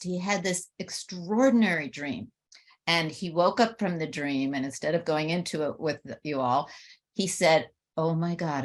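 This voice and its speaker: A woman with a low voice speaks candidly on a webinar panel. She tells a personal story and gets animated whenever she quotes other people.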